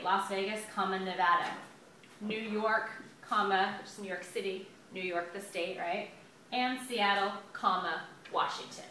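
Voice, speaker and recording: A woman teaches a grammar lesson in a chatty, upbeat way, drawing out words as she writes them on the board. Her voice is bright and clear. The sound is echoey and picked up from a little way off the mic. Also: mid-range voice, far from the mic, a little hiss or hum. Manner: chatty, upbeat, stretches out words while writing. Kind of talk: classroom lesson at a whiteboard. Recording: echoey room, voice a bit off-mic.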